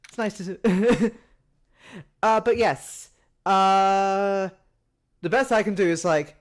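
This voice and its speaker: A woman's voice: mid-range voice, expressive, slow. A woman chatting casually with a co-streamer, giggling as she talks. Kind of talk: casual chat.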